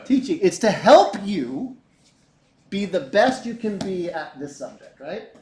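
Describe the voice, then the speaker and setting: Animated high-voiced male teacher. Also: measured pace, slight background noise. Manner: animated, chatty, asks rhetorical questions. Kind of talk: classroom physics lecture. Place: classroom. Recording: echoey classroom.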